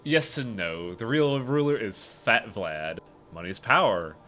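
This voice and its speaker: A world-weary townswoman from a bleak video game, read aloud by a man. Her voice sits low and bright-edged, grim and measured, laying out who holds power in town as plain fact. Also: expressive, faint music behind.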